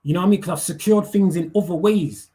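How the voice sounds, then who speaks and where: Heated high-voiced man. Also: fast, mellow. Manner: heated, profane, slangy, keeps asking "you get me". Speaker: livestreamer. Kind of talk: casual livestream rant.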